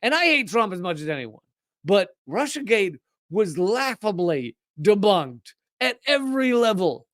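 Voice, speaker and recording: A man's voice: a bit bright, dry recording. Sarcastic male political commentator, dry sound. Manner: mocking, mimics opponents in whiny high voices.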